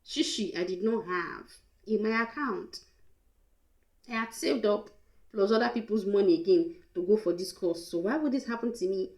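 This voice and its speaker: Young nigerian woman vlogging, emotional storytime, warm low-key voice, echoey room. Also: moderate pace. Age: young adult. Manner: candid and emotional, mixing in pidgin. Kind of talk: storytime vlog.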